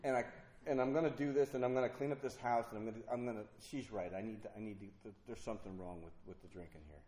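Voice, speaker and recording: Speaking to a group, a man candidly tells his own story of drinking and recovery, mocking himself and acting out the voices of people he quotes. His voice is fairly low and dark with fairly even intonation, he talks fast, and the sound is roomy.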